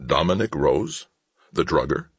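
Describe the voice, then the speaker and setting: A man voicing a calm, menacing male shipmaster who makes dryly mocking threats in a conversational tone. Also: extremely low pitch, a little slow, husky, dry recording, exaggerated voice. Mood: calm menace. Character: cool, menacing male shipmaster, sardonic and unhurried. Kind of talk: audiobook character voice.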